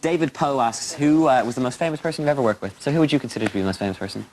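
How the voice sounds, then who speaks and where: A woman co-presenting a teen show, reading out viewer questions briskly and wryly. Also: rumbling low, a little mellow, a little hiss or hum, rough recording.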